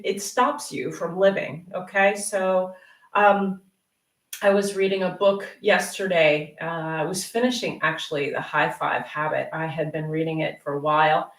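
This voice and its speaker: A woman teaching English in a live question session, chatty and encouraging, repeating words slowly so learners can copy them. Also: medium pitch, recorded from a distance. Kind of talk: live Q&A lesson. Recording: roomy and off-mic.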